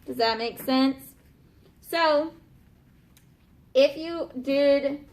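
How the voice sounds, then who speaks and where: High-voiced woman teaching a class. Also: measured pace. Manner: patient, checks understanding with frequent "okay?" and "right?". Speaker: elementary school teacher. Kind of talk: classroom grammar lesson.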